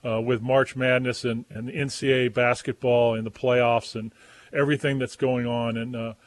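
A man's voice: medium pitch, little pitch movement, normal speed, no echo. A male radio host asking long, enthusiastic questions in an interview.

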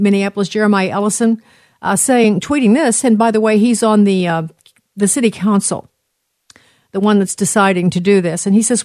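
A woman's voice: mid-range voice, darkish tone, no echo. Emphatic woman political commentator. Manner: emphatic, frequent restarts. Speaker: commentary host.

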